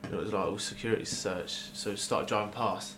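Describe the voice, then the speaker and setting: A man's voice: fairly low pitch, a little fast, fairly bright tone. A man chatting casually as a podcast co-host, telling a long, rambling, sweary story with laughs. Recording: echoey room with faint noise.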